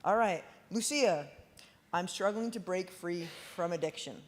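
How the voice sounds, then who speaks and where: A woman's voice: fairly low pitch, a little slow. A woman with a Rhode Island accent, reading prayer requests and joking lightly with the host. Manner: joking, laughing. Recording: echoey hall with loud noise.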